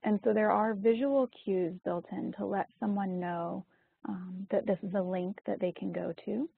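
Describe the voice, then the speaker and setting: Female webinar presenter, husky and explanatory, on a tinny dry line. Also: mid-range voice, fairly even intonation, normal speed, dry recording. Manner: explanatory, frequent ums and you-knows. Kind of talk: webinar lesson.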